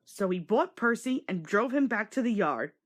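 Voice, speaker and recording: A woman narrating a children's storybook read-along in an expressive, storytelling manner. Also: medium pitch, normal speed.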